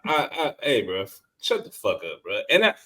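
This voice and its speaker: A man's voice: mid-range voice, huge pitch swings, moderate pace, fairly bright tone. A man co-hosting a sports podcast, talking casual, profane, slangy trash talk. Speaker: podcast co-host.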